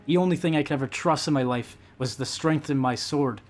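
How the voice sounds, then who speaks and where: A man's voice: medium pitch, a little fast, close to an everyday voice. A man voicing a despairing male swordsman who speaks bitterly to his own sword. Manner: bitter, lamenting.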